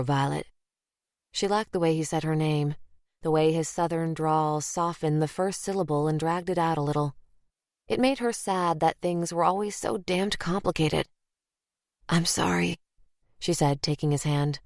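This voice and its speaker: A woman narrating a crime thriller audiobook in a measured, even storytelling manner. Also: sits low, no echo, studio quality. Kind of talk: scripted narration.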